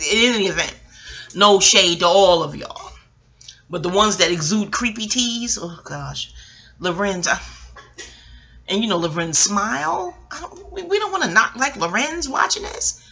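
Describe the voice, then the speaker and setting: A woman's voice: fairly high pitch, expressive, measured pace, vocal fry, pushed and bright. A woman, rambling through a casual, profane TV recap at home, digressing and laughing often. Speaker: vlogger reviewing a TV episode. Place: home, near a kitchen.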